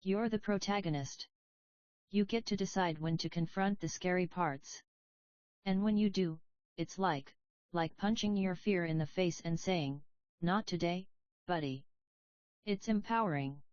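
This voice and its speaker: A woman's voice: on the low side, a little slow, pauses often, a little mellow, no echo, dull audio, close to an everyday voice. Woman reading as an earnest cubehead heroine. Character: soft-spoken blue cubehead heroine, young woman, earnest.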